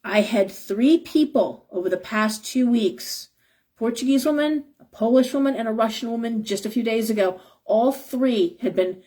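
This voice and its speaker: A woman's voice: on the high side, normal speed, dark tone. Impassioned woman tarot reader. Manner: impassioned, emphatic, rambling. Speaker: tarot reader and shop owner. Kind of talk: live-stream tarot talk.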